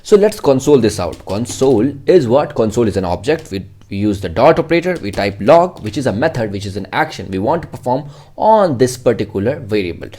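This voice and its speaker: A man's voice: medium pitch, sing-song, brisk, few pauses, dark tone, slightly rough. A man teaching a casual coding tutorial, rambling and swearing freely as he jokes with himself. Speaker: programming tutor.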